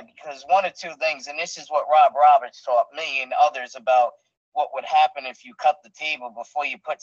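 A man's voice: medium pitch, dry recording. Blunt rambling man, dull dry audio. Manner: blunt, rambling, frequent fillers and restarts. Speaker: professional wrestler guest. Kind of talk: casual interview storytelling.

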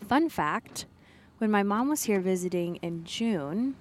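A woman's voice: mid-range voice, expressive, a little slow. A woman co-host talks casually into a mic from a parked car. She rambles through her story and laughs at herself. A faint background hum sits under her voice. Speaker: podcast co-host. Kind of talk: casual solo chat.

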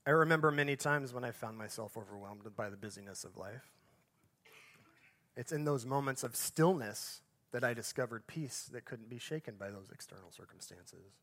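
A man preaches in a middle-pitched voice, starting each thought with lift and force, then letting it sink to a quiet, hushed close. He keeps a conversational touch, tossing in asides and correcting himself as he goes. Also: moderate pace. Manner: phrases swell louder then drop off to a soft, hushed finish. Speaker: pastor. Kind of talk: sermon.

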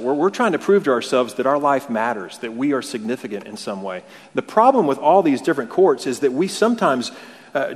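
A male pastor preaching a conversational sermon, full of rhetorical questions and repeated words. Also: mid-range voice. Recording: long hall reverb.

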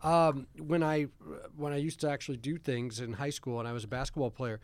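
A man's voice: medium pitch, fairly even intonation, fairly quick, no echo. A man hosting a podcast in a casual studio chat, rambling and self-deprecating with restarts. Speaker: podcast host.

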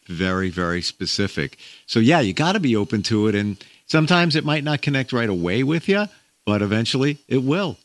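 A man hosting an interview, telling his own stories in a chatty, lively way. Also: on the low side. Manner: chatty, lively storytelling with laughs. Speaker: interview host. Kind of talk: casual interview talk.

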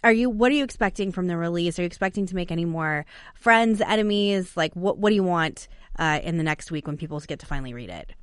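A woman's voice: lowish voice, expressive, fast talker, clear, resonant tone, no echo, clean studio sound. A woman in her thirties hosting a podcast, chatting casually with her guests and using many fillers. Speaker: podcast host. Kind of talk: casual interview chat.

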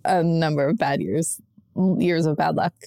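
A woman co-hosting a podcast in casual chat, quick and sarcastic, often laughing. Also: low voice, steady tone, creaky, dark tone, no room sound, studio quality. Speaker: podcast co-host.

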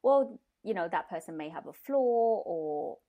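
Woman, podcast guest, chatty, animated, slightly low voice. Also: narrow, tinny audio. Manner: chatty, animated, quick to laugh. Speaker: podcast guest, blog founder. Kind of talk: casual podcast chat.

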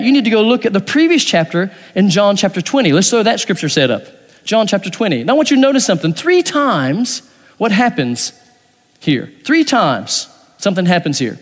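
A man's voice: high-pitched, long reverb tail. A man preaching a sermon as pastor, reading scripture aloud and acting out the dialogue in changing voices. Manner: acts out dialogue with shifting voices.

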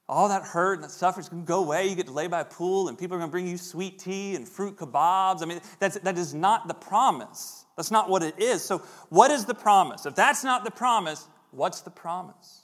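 A middle-aged man preaching a sermon in a relaxed, conversational way, now and then acting out the voices of people in the story. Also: sits high, fairly quick. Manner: conversational, acts out voices in quotes. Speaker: pastor.

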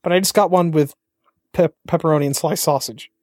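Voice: medium pitch, a little fast, darkish tone, dry recording, studio quality. A podcast co-host in casual chat, rambling and swearing freely as they joke around. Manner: rambling, profane, joking. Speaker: parent.

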